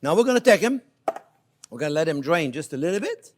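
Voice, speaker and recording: A man's voice: fairly high pitch, big pitch swings, quick pace, a little hiss or hum. A man hosting a cooking show, effusive and crooning over his food in a casual demonstration. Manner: often drops to soft murmurs over the dish.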